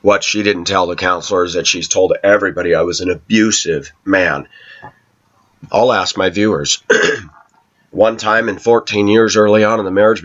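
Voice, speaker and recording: A man talking to his viewers in a long personal monologue, aggrieved and telling his side, often clearing his throat. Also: low-pitched. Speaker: vlogger addressing viewers. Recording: slightly dull lo-fi recording.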